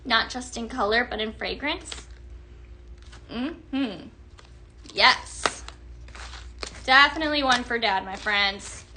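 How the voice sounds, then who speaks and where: A woman hosting a live shopping stream, gushing in an upbeat sales pitch to viewers she calls her friends. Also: expressive, takes it slowly, long pauses, sharp tone, slight background noise.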